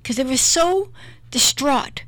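A woman's voice: high voice, lively intonation, slow pace, a bit bright, no room sound. A middle-aged woman minister giving an earnest, emotional personal testimony in an interview, often repeating herself.

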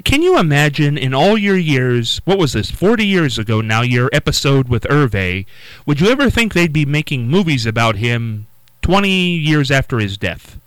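A man's voice: a little high, sing-song, normal speed, smooth, no room sound, rough recording. A man hosting a talk show, prompting his guest with hesitant questions. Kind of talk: casual interview chat.

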